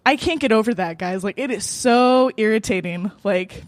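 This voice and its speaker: A woman's voice: medium pitch, normal speed, hardly any pauses, no echo. A young American woman hosting a live open mic at a cafe, telling a personal story with lots of laughter and swearing. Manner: laughing often, profane, animated.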